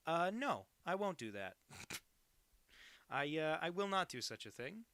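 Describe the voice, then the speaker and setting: A man's voice: fairly high pitch, big pitch swings, takes it slowly, pauses often, pushed and bright. A man chatting casually on a live drawing stream, rambling and self-deprecating with crude asides.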